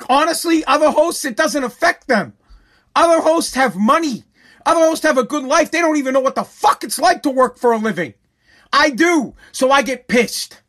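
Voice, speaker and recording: A man hosting a podcast, ranting angrily, yelling and swearing, hammering on his points with repeated phrases. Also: very high-pitched. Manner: yelling, profane, aggressive; repetitive, emphatic phrasing. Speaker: podcast host. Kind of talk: angry podcast rant.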